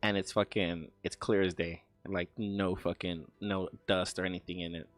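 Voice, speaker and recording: A man's voice: deep voice, level tone. A man casually telling a ghost story while streaming, swearing often and stumbling into restarts. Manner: profane, halting, many stammered restarts.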